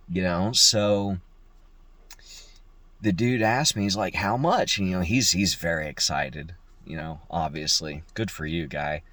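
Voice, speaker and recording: A man's voice: low-pitched, dry recording. A young man, a locksmith, telling a work story in a casual, profane way and mimicking the people in it. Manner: profane, animated, mimics voices in quotes.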